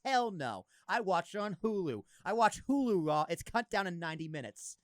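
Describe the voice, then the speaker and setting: A man's voice: high-pitched, sing-song, normal speed, dry recording. A man in his thirties hosting a podcast, chatting casually and animatedly, with lots of fillers and some swearing. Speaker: podcast host. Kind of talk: casual chat.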